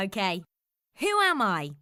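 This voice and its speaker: A woman's voice: mid-range voice, wildly swooping pitch, measured pace, sharp tone, dry recording, clean studio sound. A British woman co-hosting a casual chat, telling stories and laughing often. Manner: chatty storyteller, laughs often. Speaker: co-host.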